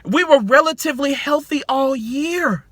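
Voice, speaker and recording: A man's voice: very high-pitched, normal speed, a bit bright, dry recording. A man in his twenties, a sports vlogger, ranting in heated commentary with repeated rhetorical questions and free swearing.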